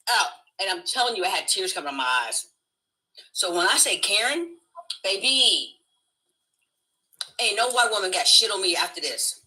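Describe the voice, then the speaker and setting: A middle-aged woman hosting a live stream, telling a story in casual chat, swearing freely and acting out loud shrieks. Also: lowish voice, lively intonation, moderate pace, low-quality recording. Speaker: livestream host.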